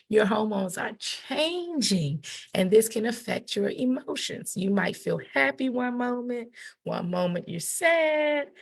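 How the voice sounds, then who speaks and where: Middle-aged woman educator, warm-hearted coaching delivery, slightly raspy with some vocal fry. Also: medium pitch. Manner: animated, encouraging, acts out quotes. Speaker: educator presenting a puberty book. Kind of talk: teaching talk to parents and kids.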